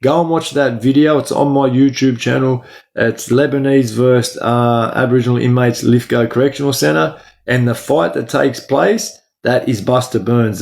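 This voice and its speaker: A man's voice: mid-range voice, gravelly, a little mellow. Australian man chatting on a livestream. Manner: slangy, talks to chat by name, says "bro" a lot. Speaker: livestream host. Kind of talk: casual livestream chat with viewers.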